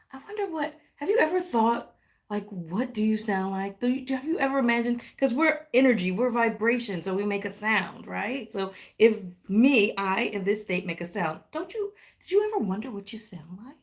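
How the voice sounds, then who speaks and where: Animated woman reading tarot live. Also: a little high, normal speed. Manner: affectionate, animated, talks directly to viewers; pet names and playful exclamations. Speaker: tarot reader.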